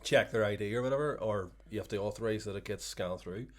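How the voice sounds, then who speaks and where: A man co-hosts a podcast, rattling through explanations in casual chat. His voice sits low and his words tumble out quickly. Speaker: podcast co-host.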